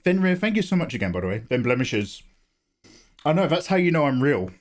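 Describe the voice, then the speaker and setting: A man, slightly hoarse from a cough, casually chatting and joking with viewers while he draws on a live stream. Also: on the high side, sing-song, fairly quick. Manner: chatty, joking, greets chat by name. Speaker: art streamer.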